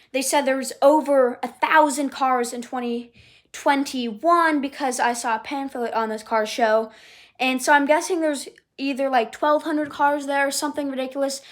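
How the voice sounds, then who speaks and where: A woman's voice: high voice, a bit bright. An American woman vlogging at an outdoor car show, chatty and rambling, full of "like". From United States. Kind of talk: casual vlog commentary.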